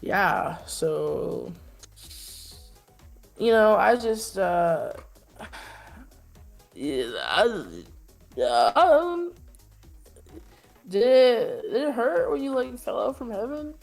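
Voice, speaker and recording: A woman's voice: fairly high pitch, very animated, extremely slow, gravelly, long pauses, soft background music, voice pushed up, heavily acted. A woman playing an awkward flirting minotaur guy. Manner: awkward bumbling pickup talk, filler-heavy. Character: flirty clumsy male minotaur bar patron.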